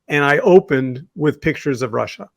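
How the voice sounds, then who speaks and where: Gravelly and on the high side, this man's expressive voice moves at a moderate pace with no room sound. He co-hosts a talk show, spinning rambling, conversational stories packed with fillers and restarts.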